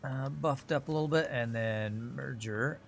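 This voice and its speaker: A man's voice: mid-range voice, measured pace, vocal fry, slight background noise. A man streaming a game live, thinking aloud in rambling, self-mocking casual commentary.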